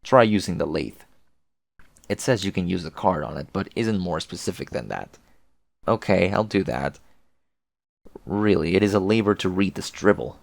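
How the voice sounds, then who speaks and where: A man's voice: sits low, expressive, normal speed, gravelly, long pauses, no room sound. A man reading a webcomic aloud with casual, profane, chatty commentary. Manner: chatty, profane, laughs often. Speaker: webcomic reader, video host.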